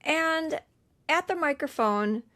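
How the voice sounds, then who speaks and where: A young woman co-hosts a rewatch podcast in loose, conversational narration. Her voice is a bit high, and she sounds indignant at the characters while she recaps. She swears casually. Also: lively intonation, slow, fairly bright tone. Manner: chatty, indignant, swears freely. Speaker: podcast co-host. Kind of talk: casual movie recap chat.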